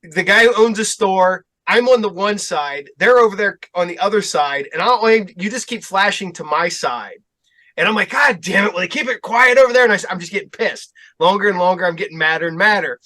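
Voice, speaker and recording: A man who owns a game shop, chatting as a podcast guest and telling stories in an animated way, swearing freely. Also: high-pitched, brisk. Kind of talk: casual podcast chat.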